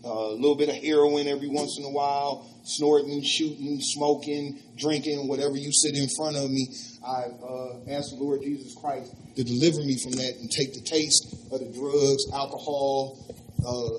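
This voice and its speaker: A man's voice: mid-range voice, slight background noise, poor audio. A man in his fifties giving a personal testimony at a live teach-in, telling his story and acting out both sides of remembered conversations in a raised voice. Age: 50s. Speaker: speaker sharing his story of homelessness. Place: church hall.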